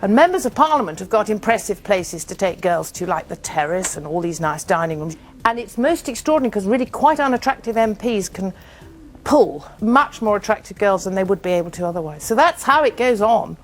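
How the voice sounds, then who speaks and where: A woman's voice: medium pitch, animated, brisk. A woman, a former politician, chatting as a guest in a comic radio show with a genteel, good-humoured manner. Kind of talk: casual comic chat.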